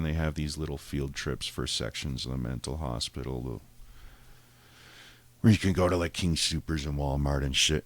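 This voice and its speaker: A man with a very deep, low voice tells a rambling, profane story in casual podcast talk. He often acts out what others said in a raised voice. The sound is dry and close. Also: no echo. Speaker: podcast host.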